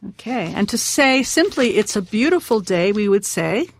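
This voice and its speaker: A woman hosting a radio language lesson, patiently slowing down and repeating words. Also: mid-range voice, big pitch swings.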